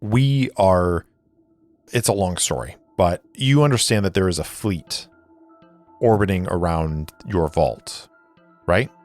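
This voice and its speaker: A man voicing a calm, guarded female spacefarer in a tabletop game, speaking in a measured way. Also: low voice, no echo, soft background music. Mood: earnest.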